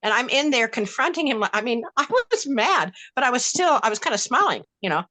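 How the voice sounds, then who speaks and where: A woman's voice: fairly high pitch, lively intonation, fairly quick, pushed and bright, dry recording. An older woman telling a story bluntly on a discussion panel, speaking with many restarts and growing heat.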